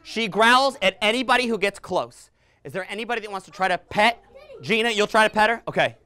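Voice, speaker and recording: A children's entertainer, a woman in her thirties, leads an interactive phonics lesson for young children in a public library room, teaching letter sounds. She is playful and animated, making silly sounds and growls for the kids to copy, her medium-pitched voice moving a little fast. A ukulele plays faintly in the background.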